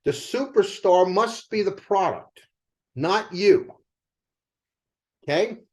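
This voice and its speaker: An older man with a high-pitched voice delivers a motivational sales talk. He tells it as a lively story and keeps asking his listeners rhetorical questions. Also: slow pace. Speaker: company co-founder speaking to sales team.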